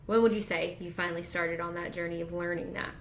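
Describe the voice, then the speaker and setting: Lady host fumbling thru her question, roomy echo, bit of rumble behind. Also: steady tone, creaky. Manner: halting, rephrasing questions. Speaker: podcast host. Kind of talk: casual interview. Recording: echoey room with faint rumble.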